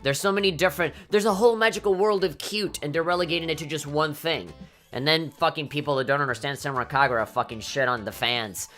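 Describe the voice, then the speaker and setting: Low-voiced, swearing woman gaming commentator. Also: quick pace, faint music behind. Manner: animated, swears often, mock-indignant outbursts. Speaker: let's play commentator. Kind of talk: casual gameplay commentary.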